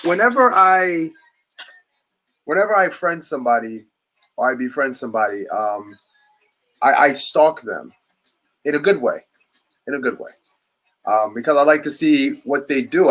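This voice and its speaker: A man's voice: mid-range voice, animated, a little slow, pauses often, a bit bright. A man hosting a casual chat, talking in long rambling runs with many restarts. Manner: rambling, restarts often, enthusiastic. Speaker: podcast host.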